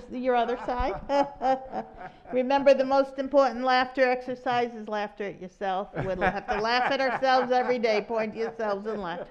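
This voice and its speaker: A woman's voice: on the high side, lo-fi sound. A woman leading a group through laughter exercises, cheerful and laughing often. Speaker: laughter yoga leader. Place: room with a group in a circle.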